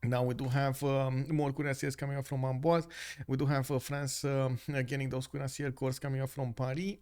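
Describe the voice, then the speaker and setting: A man's voice: mid-range voice, level tone, fairly quick, a little mellow, clear, resonant tone. A man giving live commentary on a strategy video game match, talking through the action with frequent hesitations and filler sounds, recorded close on a streaming mic at home.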